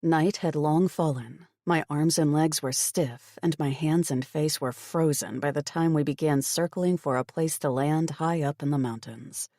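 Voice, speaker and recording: Woman, first-person audiobook narration, wry and expressive, close mic, dead-dry room. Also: low-pitched, a little slow, few pauses, no room sound.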